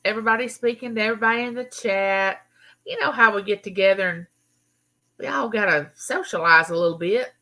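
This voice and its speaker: A woman's voice: mid-range voice, fairly quick, sharp tone, poor audio. A middle-aged woman from Mississippi with a Southern accent, hosting a casual live chat and greeting viewers by name. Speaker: YouTube channel host.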